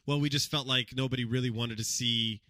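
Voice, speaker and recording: A man's voice: mid-range voice, steady tone, a little fast, sharp tone, no echo, clean studio sound. A man co-hosting a podcast, telling stories in a rambling casual way with many fillers. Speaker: podcast co-host. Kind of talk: casual chat.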